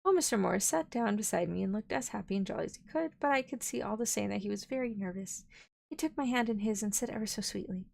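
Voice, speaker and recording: Woman streamer, reads a novel aloud with playful giggly asides; gravelly voice, mid pitch. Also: animated, fast, a little mellow. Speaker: vtuber streamer.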